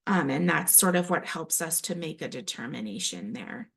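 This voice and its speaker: A woman's voice: deep voice, lively intonation, normal speed, vocal fry, a bit bright, husky. A woman trainer giving a recorded training presentation, speaking hesitantly with frequent ums and restarts. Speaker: early childhood classroom observation trainer.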